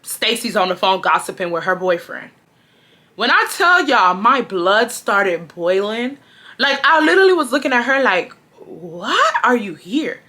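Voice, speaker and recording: A woman in her twenties from Texas, telling a casual storytime in an animated, slangy way. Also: moderate pace. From Houston, Texas. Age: 20s. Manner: animated, slangy, swings into high shouted quotes. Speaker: storytime vlogger.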